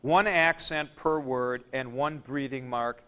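Unhurried male lecturer explaining Greek, bright edge to the voice. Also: medium pitch, clean tone. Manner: deliberate, dry joking asides. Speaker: Greek teacher. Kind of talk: classroom lecture.

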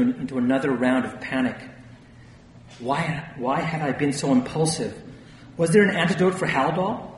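A man reading a first-person memoir aloud with a wry, lightly animated delivery. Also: fairly high pitch, a little hiss or hum. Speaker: audiobook narrator. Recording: distant, echoey room with long reverb.

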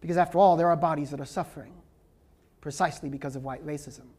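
A man's voice: a little high, steady tone, quick pace, darkish tone. A man giving a lecture as a professor and taking questions from the audience, speaking emphatically and often checking in with "right?". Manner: emphatic, frequently ends points with "right?".

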